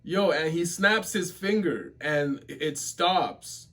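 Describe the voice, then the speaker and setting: High, animated man reacting excitedly. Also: slow. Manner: exclaims constantly, slangy and animated. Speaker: webtoon reaction streamer. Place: home office.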